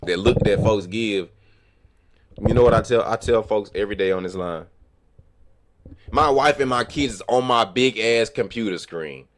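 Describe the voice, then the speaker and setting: A man livestreaming, telling animated, profane stories about work and acting out what people said. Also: lowish voice, normal speed, long pauses, slight background noise. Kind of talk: casual storytelling chat.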